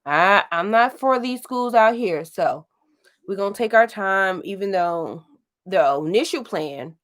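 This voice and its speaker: Speaking at a medium pitch, a little slowly, she sounds expressive and a bit bright. The late-thirties livestream host from St. Louis, Missouri rambles casually through her live chat and laughs often.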